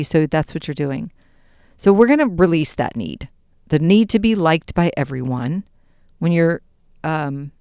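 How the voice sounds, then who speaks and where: A woman hosting a podcast, giving an animated motivational talk with playful, mock-dramatic asides. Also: lowish voice, clean tone, no echo, studio quality. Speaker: podcast host. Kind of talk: motivational monologue.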